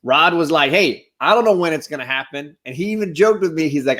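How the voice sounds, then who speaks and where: A man on a casual live stream, giving enthusiastic shout-outs to the chat as a guest co-host. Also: a little high, lively intonation, a little fast.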